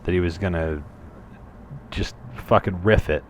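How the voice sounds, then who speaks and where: A man talks over his gameplay in a relaxed, rambling way, tossing in curses and jokey asides. His voice sits very low. A faint hiss runs under the recording. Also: unhurried. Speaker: gameplay commentator. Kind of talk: casual gameplay commentary.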